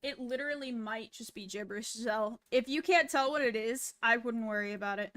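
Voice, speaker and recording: A woman's voice: fairly high pitch, a little fast, a bit bright. A woman streamer chatting casually with her viewers, laid-back and swearing freely. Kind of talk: casual livestream chat.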